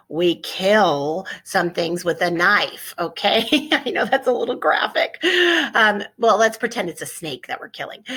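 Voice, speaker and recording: A woman teacher talks her students through a vocabulary lesson in a lively, coaxing way, with a mid-range voice. She says each word twice and drills the forms. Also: mid-range voice. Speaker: Spanish teacher.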